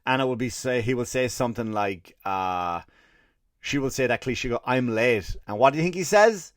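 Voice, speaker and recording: A man's voice: medium pitch, expressive, normal speed, dry recording. Sweary Irish man ranting, bone-dry sound. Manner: profane, exasperated, sarcastic. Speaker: podcast host. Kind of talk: comedic rant.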